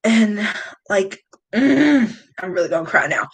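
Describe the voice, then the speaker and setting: A woman's voice: mid-range voice, animated, a little slow, gravelly, breathy edge. A woman, confiding in casual chat, emotional, sighing often. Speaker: beauty vlogger. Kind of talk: casual chat reading live comments.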